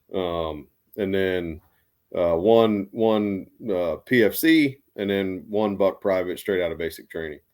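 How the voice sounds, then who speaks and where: A man's voice: sits low, darkish tone. A man, an Army veteran, telling stories in a casual, rambling way with many restarts. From United States. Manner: rambling, lots of restarts and fillers. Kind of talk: casual storytelling.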